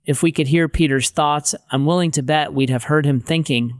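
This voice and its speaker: A man's voice: medium pitch, normal speed, no room sound. A man narrating a Bible story in a conversational way with modern paraphrases, on a close studio mic.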